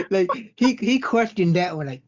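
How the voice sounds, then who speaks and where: Husky laid-back podcast co-host. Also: mid-range voice, lively intonation, measured pace. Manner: laid-back, swears casually. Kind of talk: casual chat. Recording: muffled lo-fi audio.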